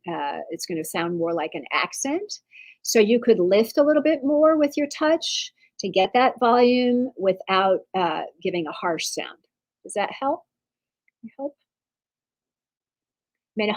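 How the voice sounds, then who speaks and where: The recording is rough as a woman from Texas, her voice mid-range, talks through an online percussion clinic. Her masterclass delivery is chatty and reassuring, full of fillers and restarts.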